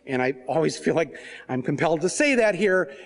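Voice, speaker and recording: A man, an author and filmmaker, telling comic stories to a live audience in an animated, joking way, acting out the scenes. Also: on the high side, fairly quick. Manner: animated, joking, acts out scenes and voices, often breaks into laughter. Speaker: author and filmmaker giving a talk. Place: stage at a book fair.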